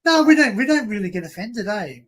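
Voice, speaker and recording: High-voiced Australian man hosting pub trivia. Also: sing-song, brisk, crowd noise. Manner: chatty, joking, easygoing. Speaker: host of a trivia livestream. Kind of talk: casual chat, quiz hosting.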